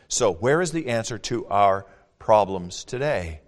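An older man preaching a sermon as pastor, folksy, moving between booming scripture reading and quiet, chatty asides. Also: animated, measured pace. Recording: long hall reverb.

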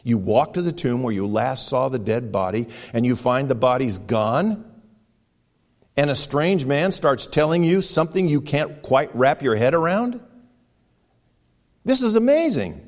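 A man preaching a sermon, retelling a story dramatically, with sudden loud exclamations and quiet, hushed stretches. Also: mid-range voice, expressive, measured pace. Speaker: pastor.

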